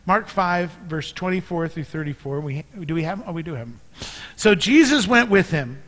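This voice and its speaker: A high, bright-voiced man preaching in a church sanctuary, his words ringing with long reverb. He is earnest, pushing up to emphatic peaks and then dropping soft and quiet. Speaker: pastor. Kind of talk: sermon.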